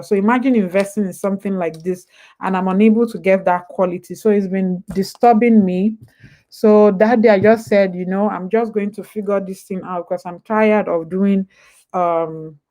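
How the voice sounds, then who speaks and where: A woman's voice: mid-range voice, a little mellow. A young woman with a Nigerian accent hosting a casual live stream with advice, chatty and digressive, jumping back and forth between topics. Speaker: host.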